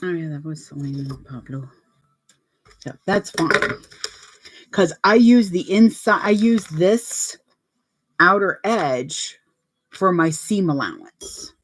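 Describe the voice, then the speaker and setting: A woman's voice: on the low side, lively intonation, slow pace, long pauses. A woman vlogger chatting casually and telling anecdotes while talking through her sewing steps.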